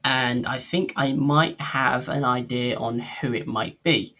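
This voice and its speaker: Co-host, slow and hesitant, keeps searching for the word. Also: mid-range voice, fairly even intonation, bright, forceful tone. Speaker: podcast co-host. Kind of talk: casual chat reviewing a cartoon.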